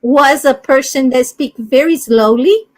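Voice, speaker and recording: A woman from Brazil with a Brazilian accent, telling lively stories in a casual livestream chat; English is not her first language. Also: high voice, a little slow. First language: Portuguese. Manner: animated storyteller, laughing often.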